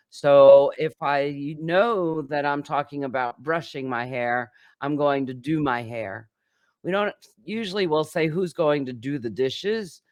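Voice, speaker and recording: A man's voice: a little high, dry recording, studio quality. A man teaching an English grammar lesson, patiently explaining with many examples and occasional fillers.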